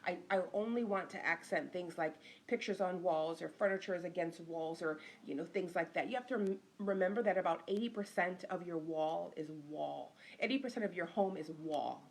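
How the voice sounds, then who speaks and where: A woman's voice: fairly low pitch, normal speed, hardly any pauses. A middle-aged woman, an interior designer, giving a casual live-stream lesson, chatting and greeting viewers by name as she goes.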